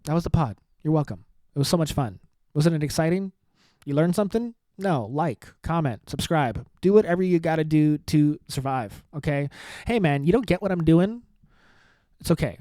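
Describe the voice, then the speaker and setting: A male comedian hosts his podcast alone and rambles in a sarcastic, self-mocking way. His voice sits a little high. The sound is dry and close. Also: lively intonation, normal speed, mellow, no echo. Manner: sarcastic, self-mocking, says "dude" often. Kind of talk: rambling solo podcast sign-off.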